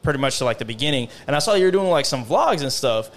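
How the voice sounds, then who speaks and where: A man's voice: medium pitch, expressive, quick pace. A young man in casual podcast chat, telling stories in a loose, rambling way full of "bro" and "man". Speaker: guest creator.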